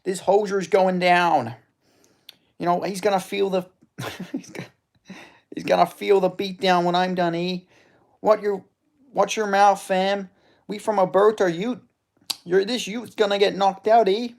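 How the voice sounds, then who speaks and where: A man's voice: sits high, fairly even intonation, a little slow, vocal fry, long pauses, pitched above the performer's own voice. A man putting on a mock Canadian accent, playing a brash, boastful male Canadian fighter who trash-talks and tacks "eh" onto his lines. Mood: cocky taunting.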